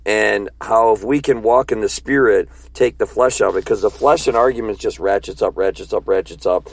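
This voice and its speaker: A man's voice: lowish voice, moderate pace, no echo. A man who street-preaches, talking earnestly and plainly about faith and reading scripture aloud. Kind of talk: casual faith talk.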